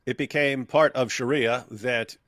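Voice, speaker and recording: A man's voice: medium pitch, fairly even intonation, unhurried, fairly bright tone, no echo, clean studio sound. A man co-hosting an opinionated commentary chat, talking animatedly and mocking others in quoted voices. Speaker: co-host.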